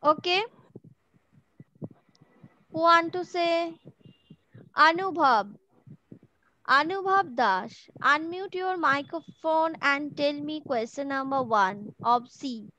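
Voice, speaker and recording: A woman's voice: sits high, slow, pauses often, pushed and bright, poor audio. A woman teaching an online class, patiently repeating each question and word for her pupils. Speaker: school teacher. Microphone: video call from home.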